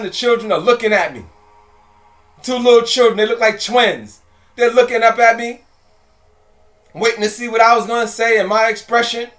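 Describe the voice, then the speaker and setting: Very high-pitched man telling a story. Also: a bit bright. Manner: casual, addresses listeners directly, repeats phrases. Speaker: presenter. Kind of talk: storytelling monologue to an audience.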